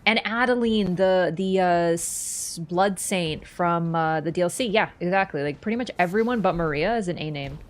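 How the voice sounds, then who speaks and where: A woman's voice: fairly low pitch, normal speed, hardly any pauses. A young woman streaming a game, chatting casually and answering her chat in a playful way.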